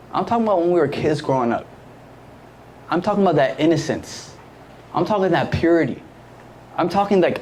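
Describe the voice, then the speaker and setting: A man's voice: on the high side, a little mellow. A young man preaching a casual sermon to a youth group, slangy and conversational, often quizzing his listeners with questions. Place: church service.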